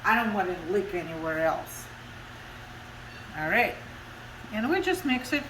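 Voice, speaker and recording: A woman's voice: mid-range voice, very animated, a little slow, reverberant, noisy background. A woman from Russia with a Russian accent, chatting her way through a home cooking demonstration in her kitchen, explaining each step in broken English. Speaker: cooking show host.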